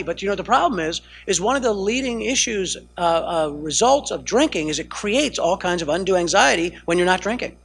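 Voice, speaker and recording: A man's voice: high voice, fairly bright tone. An American man, a counselor, teaching a family training session in a conversational lecture style, often checking in with "right?" and correcting himself mid-sentence. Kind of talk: lecture to a live audience.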